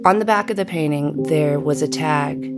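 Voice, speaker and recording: A middle-aged woman narrating a personal story in a measured, deliberate way. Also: deep voice. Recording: guitar music underneath.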